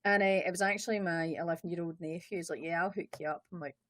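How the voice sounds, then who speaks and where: A woman's voice: lowish voice, fairly even intonation, quick pace, a bit bright, dry recording, clean studio sound. A Scottish woman, a Twitch streamer, chatting as an interview guest, joking about herself and laughing often. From Scotland. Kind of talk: casual interview chat. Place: studio.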